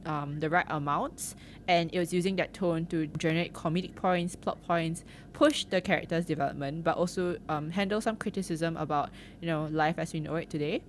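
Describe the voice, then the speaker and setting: A woman chats about films in an animated, giggly way, her voice sitting a little low. She leans on fillers like "um" and "like". A faint hiss sits under the recording. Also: fairly quick. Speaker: podcast co-host. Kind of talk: casual chat reviewing films.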